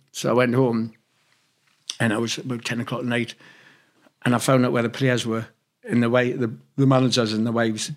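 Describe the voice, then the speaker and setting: A man's voice: medium pitch, little pitch movement, fairly quick. Geordie man, interview guest, blunt, swears a lot, rambling anecdotes. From Newcastle, England. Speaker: guest, former footballer. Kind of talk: casual storytelling interview.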